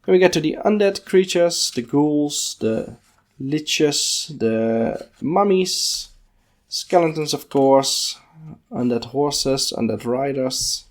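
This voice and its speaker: A podcast host works through a book page by page, musing unhurriedly and thinking aloud with plenty of fillers. His voice is a little high, with lively intonation.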